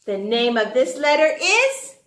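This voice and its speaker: High lively woman doing a slow sing-song phonics lesson, cheering the kids on, echoey room. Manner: slow, sing-song and encouraging, with gasps of delight. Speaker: teacher. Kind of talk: phonics lesson for young children.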